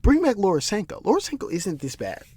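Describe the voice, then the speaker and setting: A man's voice: sits high, huge pitch swings, quick pace, mellow, breathy edge. A man hosting a solo commentary podcast, ranting heatedly and with profanity, often repeating words and restarting sentences out of frustration. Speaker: podcast host.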